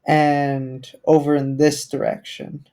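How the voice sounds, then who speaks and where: A man's voice: a little high, flat delivery, slow, warm tone. A man player reasoning through plans in casual tabletop game talk, with some hesitation.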